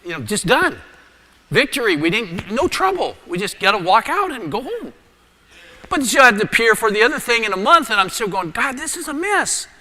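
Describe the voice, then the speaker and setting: Middle-aged pastor guy preaching, bright edgy voice, lots of hall echo. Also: high voice, a little fast, slight background noise. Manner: animated storyteller, drops to a hushed voice for prayer. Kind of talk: sermon storytelling. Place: church sanctuary. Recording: long church reverb.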